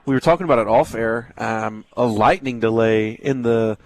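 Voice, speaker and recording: A man's voice: medium pitch, moderate pace. A man co-hosting a sports radio show, joking and teasing in casual banter.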